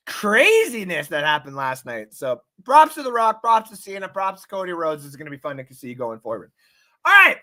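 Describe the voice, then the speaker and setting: A male sports show host chats loosely to his live-stream viewers, thanking them by name between topics. He talks in an excitable, profane, rambling way. His voice is bright and lively, with big swings in pitch. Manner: reads out and thanks chat viewers.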